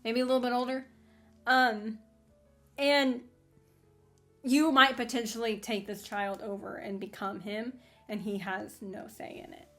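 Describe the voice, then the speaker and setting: A woman with a slightly high voice hosts a casual anime fan commentary. She rambles in an animated way, laughing often and restarting her sentences. Faint music plays in the background. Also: measured pace, long pauses.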